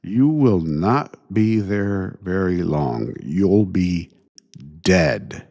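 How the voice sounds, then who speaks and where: A man with a low, gravelly voice delivers a solo opinion rant as host of his show. He talks slowly and indignantly, often stumbling and restarting his sentences, with heavy sighs in between. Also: animated, a little mellow. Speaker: podcast host.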